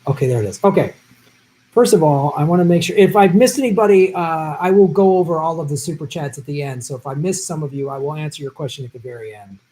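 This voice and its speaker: A man's voice: on the high side, warm tone, rough recording. Easygoing male live stream host. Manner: chatty, easygoing, quick to laugh. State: voice tiring after a long stream. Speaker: live stream host answering viewer questions. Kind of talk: casual live stream chat. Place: at home.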